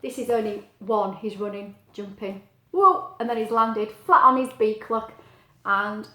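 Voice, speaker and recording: A middle-aged woman teacher reading a picture book aloud to children, gentle and animated, asking the listener questions. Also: mid-range voice, measured pace. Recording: echoey room.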